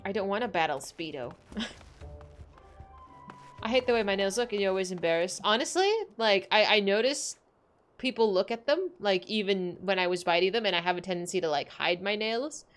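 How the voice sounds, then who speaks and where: A woman's voice: mid-range voice, brisk, soft background music. A woman streamer chatting casually with her viewers while playing, rambling and saying "like" a lot. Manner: chatty, rambling, heavy use of "like"; reads game dialogue aloud. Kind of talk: casual livestream chat while gaming.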